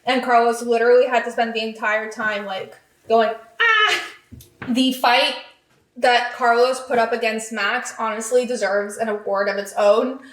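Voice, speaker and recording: A woman hosting a podcast, giving an excitable, chatty recap full of "like" and "um". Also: fairly high pitch, normal speed, reverberant, poor audio. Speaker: podcast host. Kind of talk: casual race recap.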